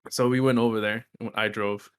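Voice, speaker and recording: A young man from Texas, co-hosting a casual podcast chat and telling a story in an animated way, swearing freely. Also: fairly low pitch, fairly quick, clear, resonant tone. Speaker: podcast co-host.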